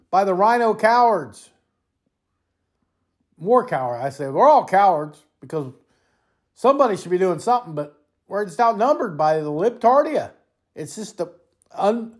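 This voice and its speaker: Angry political rant, host from the United States, heavy swearing, stumbling repetitions, mid-pitched voice. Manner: angry, profane, heated ranting; repeats and restarts words when worked up. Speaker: podcast host.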